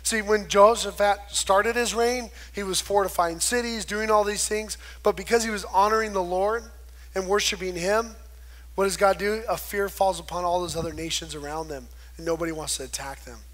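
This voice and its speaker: Guy preaching, fairly high voice, chatty, acts out the people in the story. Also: fairly even intonation, normal speed, fairly bright tone. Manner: conversational preaching with restarts, acts out quoted voices. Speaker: pastor. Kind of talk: sermon.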